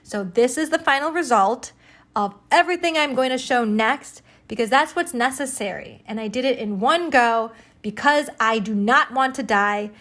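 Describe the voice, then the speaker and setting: A woman's voice: a little high, moderate pace, a bit bright. A woman talking to camera in an earnest, rambling, reflective personal monologue. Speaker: vlogger.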